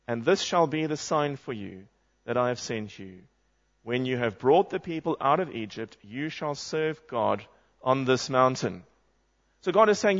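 A man preaching a sermon, reading scripture aloud and putting questions to the congregation. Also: on the high side. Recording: muffled lo-fi sound.

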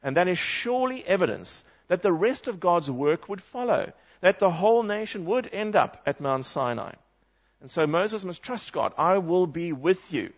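Earnest preacher, muffled sound. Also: male voice, sits high, animated, moderate pace. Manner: earnest, reads scripture aloud and asks the congregation questions. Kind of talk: sermon.

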